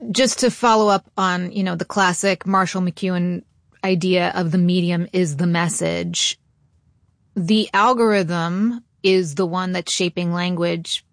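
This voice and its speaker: Measured woman radio host. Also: on the low side, fairly even intonation, no room sound, studio quality. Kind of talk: radio interview.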